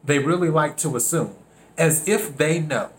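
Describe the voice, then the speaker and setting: A man from South Carolina hosting a reflective solo podcast, unhurried, repeating his phrases and acting out bits of dialogue. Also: on the high side. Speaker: podcast host.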